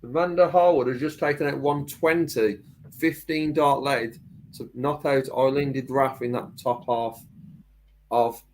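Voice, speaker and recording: A man commentating live on darts, chatty and quick to laugh at himself. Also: medium pitch, fairly even intonation, low-quality recording. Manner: chatty, laughs easily, joking.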